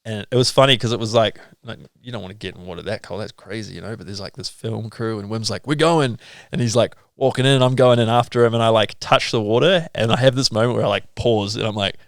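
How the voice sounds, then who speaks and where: Kiwi guy, pro-skier guest, chill storyteller, smooth low voice, dry sound. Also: fast talker, hardly any pauses, no room sound. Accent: New Zealand. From New Zealand. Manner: laid-back, filler-heavy, lots of "like" and "bro". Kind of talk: casual podcast storytelling.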